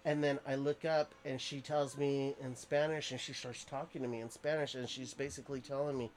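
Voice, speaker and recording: Podcast host, man, mid pitch, earnest halting storyteller, casual chat. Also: little pitch movement, slight background noise. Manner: earnest, halting, emotional retelling with restarts.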